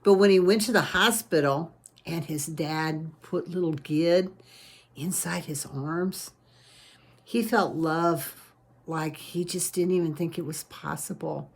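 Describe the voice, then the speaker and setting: Brief: woman storyteller, warm-homey rambling delivery, lowish voice. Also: takes it slowly, breathy edge. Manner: homey, rambling with many "and, uh" restarts. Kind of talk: unscripted read-aloud storytelling.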